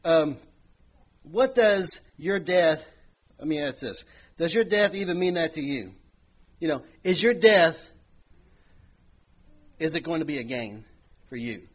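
A man delivers a sermon in an easygoing, conversational way. His voice is husky and sits a little high for a man. He talks to his congregation directly, pushing phrases louder and then letting them fall quiet. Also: animated, a little slow, long pauses. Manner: conversational preaching with many "you know" asides, swelling and dropping in volume. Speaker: preacher.

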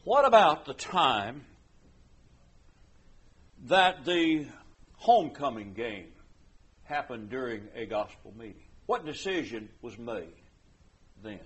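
A man's voice: mid-range voice, sing-song, slow, pauses often, fairly bright tone, slightly rough. A man preaching a conversational sermon, earnest, often repeating words and voicing imagined parents.

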